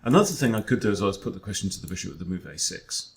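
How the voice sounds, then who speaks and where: A man with a fairly low, gravelly voice talks through a chess game as he plays it. He is wry and self-deprecating and often mutters his thoughts half to himself. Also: animated, rapid-fire. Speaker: chess coach. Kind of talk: thinking aloud during an online chess game.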